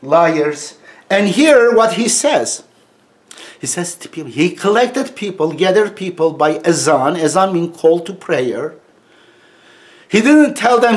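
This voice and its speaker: Heated man with a high voice. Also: lively intonation, a little slow. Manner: heated, scornful, loosely phrased non-native English. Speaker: religious commentator. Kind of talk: animated off-the-cuff talk.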